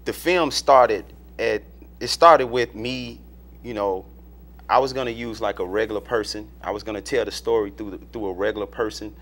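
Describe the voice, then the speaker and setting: A man's voice: lowish voice, normal speed, fairly bright tone. A man from Alabama, a director telling stories in a casual interview, full of fillers and restarts. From Alabama, US South. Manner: rambling storyteller, many fillers and restarts. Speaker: film director and producer, guest.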